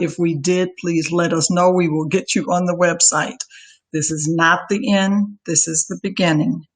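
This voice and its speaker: Tearful older woman giving thanks. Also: on the low side. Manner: heartfelt, emotional, lists names warmly. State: close to tears. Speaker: outgoing organization leader. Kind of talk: farewell thank-you speech. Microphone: video call.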